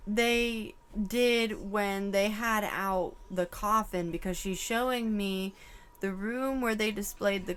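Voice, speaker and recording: A woman's voice: mid-range voice, a bit bright, clear, resonant tone. A woman giving a casual channeled tarot reading to camera, emotional and exclaiming, swearing casually. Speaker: tarot reader.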